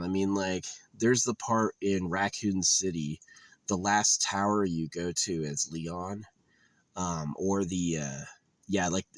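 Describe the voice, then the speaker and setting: A man's voice: deep voice, dry recording. A tired young man ranting casually about a game, frustrated, swearing often and rambling with lots of fillers. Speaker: gamer venting about a game. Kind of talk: casual rant to camera.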